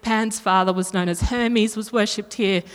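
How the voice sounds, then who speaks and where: A woman's voice: mid-range voice, fairly even intonation, normal speed. Woman preacher, conversational sermon, checks in with the room, long hall reverb. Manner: chatty, self-correcting, asks the room questions.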